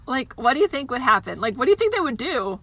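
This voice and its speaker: A young woman co-hosting a casual chat, blunt and animated, swearing freely. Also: high-pitched, fast, no echo. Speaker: podcast co-host. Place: inside a parked car.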